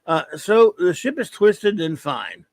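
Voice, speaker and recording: A man's voice: high-pitched, very animated, slow, no echo. Rambling man hosting a chatty review stream. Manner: rambling, joking, stumbles over words. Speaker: show host reading viewer chat. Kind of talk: casual live-stream review chat.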